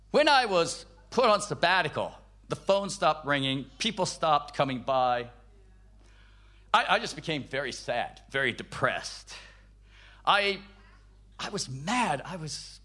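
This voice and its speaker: Bright-voiced, animated man preaching. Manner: emphatic, dropping to soft low tones. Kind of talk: personal testimony sermon.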